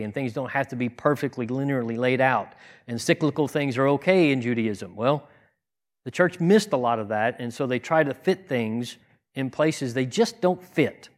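A man giving a conversational sermon, earnest and plain-spoken, asking rhetorical questions and often restarting his sentences. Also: medium pitch. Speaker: teacher in a congregation.

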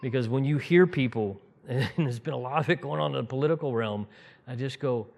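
A man preaching a conversational sermon, retelling Bible scenes in an animated way and acting out the voices in them. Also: medium pitch, a little fast, vocal fry. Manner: animated, acts out quoted voices, chuckles, restarts sentences. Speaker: preacher teaching the congregation.

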